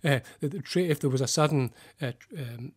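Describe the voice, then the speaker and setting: Scottish psychologist guest, mid-pitched male voice, thoughtful, halting explainer, radio interview. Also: breathy edge.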